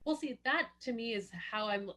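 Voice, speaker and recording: A woman co-hosting a film podcast in casual chat, opinionated and animated, often acting out quotes. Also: fairly high pitch, moderate pace. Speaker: podcast co-host.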